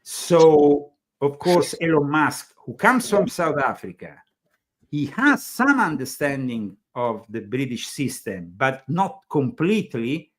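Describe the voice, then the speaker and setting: An Italian-accented show host with a slightly high, expressive voice speaks slowly in a casual conversational interview. He's from Italy, and his talk rambles and hesitates with many fillers.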